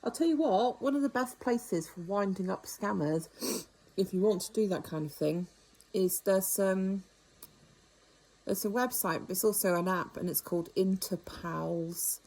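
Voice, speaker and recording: A woman's voice: mid-range voice, measured pace, darkish tone, rough recording. An older woman, talking to camera in a chatty, wry monologue full of rambling asides. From United Kingdom. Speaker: vlogger. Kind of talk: casual monologue.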